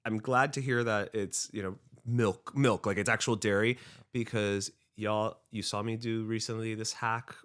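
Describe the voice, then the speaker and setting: Bright, upbeat man doing a sponsor spot. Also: on the low side, steady tone, moderate pace. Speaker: sponsored segment host. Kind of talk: casual promotional chat.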